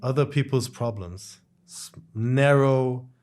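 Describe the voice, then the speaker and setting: A man co-hosting a political discussion, recounting a conversation and acting out the quoted dialogue with lively shifts in voice. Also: slow pace, a little hiss or hum. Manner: animated, acts out quoted dialogue with shifting pitch. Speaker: podcast co-host.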